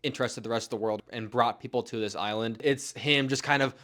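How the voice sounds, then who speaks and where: A man's voice: mid-range voice, steady tone, fairly quick, fairly bright tone. A man giving a casual movie review, blunt and exclamatory, swearing now and then.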